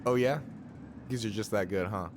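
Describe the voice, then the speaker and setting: A man's voice: fairly low pitch, moderate pace, a little hiss or hum, natural voice. An actor voicing a friendly, teasing young man running a store in a video game. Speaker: game character. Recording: game audio with clear music behind.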